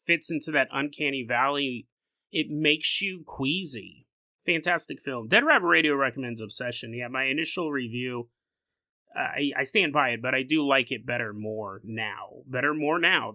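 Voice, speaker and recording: Lively rambling podcast man, bright dry voice. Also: mid-range voice, dry recording. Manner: rambling, animated, laughs often. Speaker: podcast host. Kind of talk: casual solo podcast talk.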